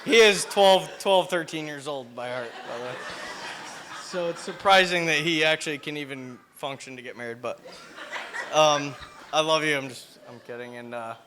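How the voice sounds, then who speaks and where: A man's voice: on the high side, moderate pace. A young man giving an unprepared, rambling and teasing toast at his brother's wedding reception. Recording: noisy reception crowd behind.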